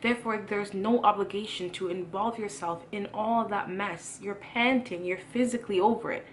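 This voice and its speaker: A woman's voice: mid-range voice, fairly even intonation, normal speed, slight background noise. A young woman giving a casual sermon, earnest and preachy, repeating phrases for emphasis. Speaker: youth Christian vlogger preaching.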